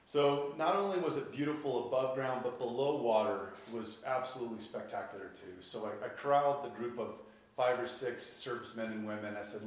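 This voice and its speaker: Man, storytelling, animated, laughs along, heavy room echo, set back from the mic. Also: mid-range voice, fairly quick. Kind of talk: personal storytelling. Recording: echoey room from far off.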